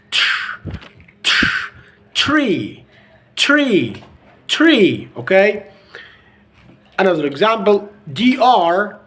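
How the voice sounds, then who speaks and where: A man with an Egyptian accent, a native Arabic speaker, teaching an online English pronunciation lesson with slow, emphatic repetition of words for drill. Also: high-pitched.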